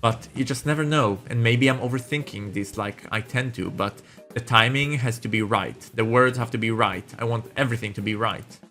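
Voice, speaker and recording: Nervous young student, over-thinker, gamer's own voice. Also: male voice, medium pitch, normal speed, bright, forceful tone, soft background music. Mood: anxious. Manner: nervous, overthinking. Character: anxious young gay college student.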